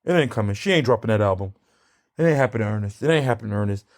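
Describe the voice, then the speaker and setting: A blunt, dismissive skeptic who keeps repeating his point in a low, insistent voice, put on by a man. The tone is gravelly and stubborn. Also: animated, racing.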